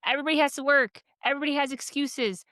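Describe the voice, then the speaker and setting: Her voice high-pitched and racing, this woman co-host tells stories with animated, chatty energy on a casual podcast, using "like" constantly. There's no room sound.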